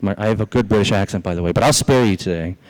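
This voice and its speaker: A man's voice: very fast, poor audio. Preaching man asking rhetorical questions. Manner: preaching with rhetorical questions and sharp rises in pitch. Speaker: pastor. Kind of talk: sermon. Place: church.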